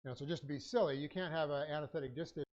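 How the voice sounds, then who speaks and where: Halting man teaching a Bible class. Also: on the high side, a little mellow, lo-fi sound. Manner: halting, frequent uh fillers and self-corrections. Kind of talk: Bible study lecture, dictating notes.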